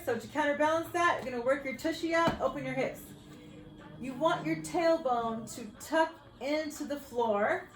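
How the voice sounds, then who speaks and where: A woman's voice: sits high, reverberant, low-quality recording. A woman fitness coach leading a floor workout, upbeat and whooping as she exercises along, slightly out of breath. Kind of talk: workout instruction.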